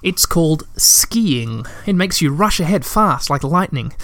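A man's voice: on the high side, animated, a little slow, a bit bright. A man voicing a young male troll child in a storybook reading, talking eagerly and earnestly.

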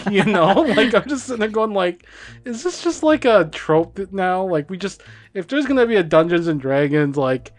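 A man's voice: sits high, sing-song, moderate pace, soft background music. A man co-hosting a podcast in casual chat, rambling with lots of filler words and frequent laughter. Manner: rambling, heavy use of "like", laughs often. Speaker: podcast co-host.

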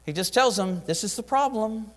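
A man delivers a sermon in a church hall, his fairly high voice swinging widely in pitch. He slips in and out of acted prayers and dialogue with real animation. A long hall reverb trails every phrase. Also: expressive, normal speed. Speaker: preacher.

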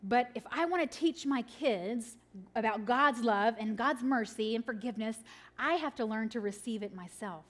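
Lively woman preaching to moms. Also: a little high, moderate pace. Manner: animated storytelling with laughs, then earnest and quiet. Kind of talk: sermon.

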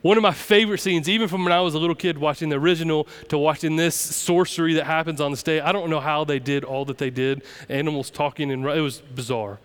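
A man's voice: on the high side, steady tone, fast talker, hardly any pauses, smooth. A young adult man, preaching a sermon emphatically as pastor. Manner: emphatic, preaching with rising intensity.

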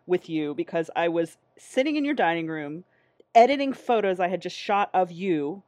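A woman's voice: on the low side, lively intonation, normal speed, a little mellow, no room sound. A woman interviewing in a casual conversation, enthusiastic and gushing, laughing often as she talks.

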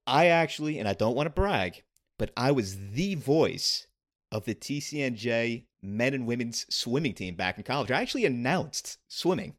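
Playful man with a lively pitch. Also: normal speed. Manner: playful, self-mocking. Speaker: guest emcee. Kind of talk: casual chat.

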